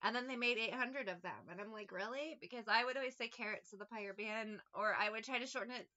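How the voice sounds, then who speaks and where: Rambling woman tarot reader, bright tone. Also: on the high side, quick pace, dull audio. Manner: rambling, laughs often, breaks into singing. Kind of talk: casual chat. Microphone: phone.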